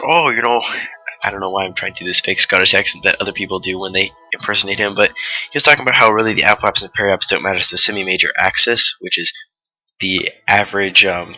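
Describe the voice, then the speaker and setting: A man's voice: fairly low pitch, sharp tone, rough recording. A fifteen-year-old boy giving a rambling, casual voice-over for his gameplay video, full of fillers and asides about going off topic. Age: 15, teenager. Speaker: let's-play commentator.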